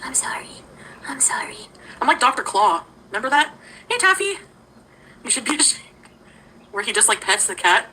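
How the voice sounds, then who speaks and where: A chatty woman on a livestream with a high, bright, bouncy voice. She greets viewers by name and giggles often. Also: big pitch swings, a little fast, long pauses, a little hiss or hum, poor audio. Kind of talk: casual livestream chat.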